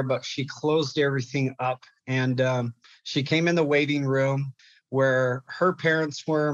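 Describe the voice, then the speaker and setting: Young male guest, halting emotional storytelling, dry close lo-fi sound. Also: medium pitch, fairly bright tone, no echo. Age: young adult. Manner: halting, repeats words when upset. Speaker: guest, clinical therapist.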